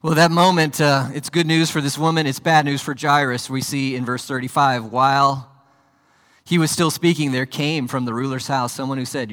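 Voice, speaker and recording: A man's voice: medium pitch, steady tone, moderate pace. Preaching man, dramatic delivery, church reverb. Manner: dramatic, swings from hushed to loud and urgent. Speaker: pastor. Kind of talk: sermon. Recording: long hall reverb.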